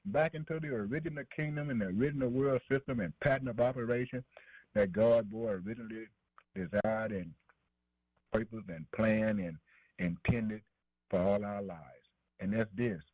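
A preacher with a lowish voice delivers a sermon at a moderate pace, rhythmic and repetitive, dropping "man" and "boy" between phrases in a preachy call-and-response style. The recording is dry, like a dull lo-fi radio broadcast.

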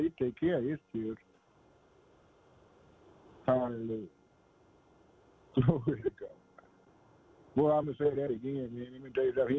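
Over tinny, phone-like radio audio, a husky man at medium pitch preaches with fervor. He uses call-out phrasing, addresses listeners as "boy" and "man," and laughs frequently between lines.

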